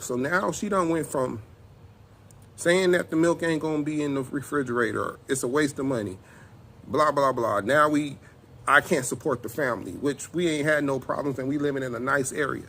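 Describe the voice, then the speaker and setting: A middle-aged man, telling a personal testimony in casual, animated speech and acting out both sides of an argument. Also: fairly high pitch, normal speed, slight background noise. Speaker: self-styled apostle telling a personal testimony.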